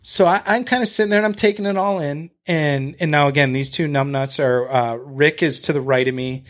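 Podcast guest, male, fairly high voice, swears freely, tells a story with many restarts. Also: brisk. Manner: blunt and profane, retelling a confrontation; talks to the host with fillers and restarts. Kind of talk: casual storytelling.

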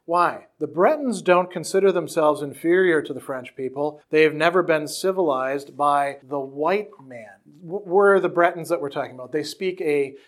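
A man's voice: a little high, normal speed, few pauses. A man giving a lecture, reading passages from a book aloud and explaining them in a conversational way, with restarts and rhetorical questions.

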